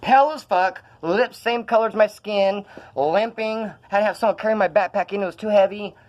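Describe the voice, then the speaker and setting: Young dude rambling and swearing on a phone vlog, kinda high voice, sounds sick. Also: male voice, brisk. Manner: profane, rambling storytelling. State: ill. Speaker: vlogger.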